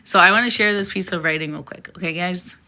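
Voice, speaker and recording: A woman's voice: fairly low pitch, fast, pushed and bright. A young woman chatting on a phone live stream, rambling and laughing often, and reading her own poem.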